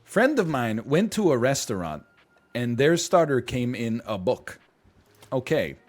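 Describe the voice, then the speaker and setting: Young guy streamer reacting to posts, super lively up and down voice, mocking and sarcastic. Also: medium pitch, a little slow, soft background music. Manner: animated, mocking, swings into sarcastic put-on quotes. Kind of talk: casual reaction commentary.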